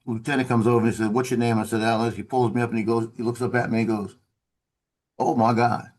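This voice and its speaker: Over a video call, a former Marine tells a story in a relaxed, conversational way, his medium-pitched voice racing along. He gets animated, slipping into the voices of the officers he quotes.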